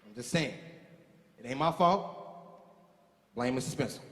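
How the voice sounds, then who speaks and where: A man on stage as emcee, teasing the audience in comic banter with drawn-out sighs. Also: mid-range voice, expressive, fairly bright tone. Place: theater stage with live audience. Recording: echoey theater hall with live music.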